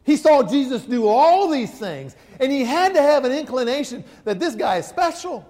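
A man preaching a sermon, telling the story in an animated, emphatic way. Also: very high-pitched, moderate pace. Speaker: pastor. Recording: long hall reverb.

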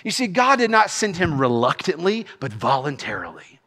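A man's voice: on the high side, moderate pace, big-room sound, a little hiss or hum. A middle-aged man, a senior pastor preaching a sermon and laughing as he tells stories. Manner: animated storytelling preacher, laughs while telling stories.

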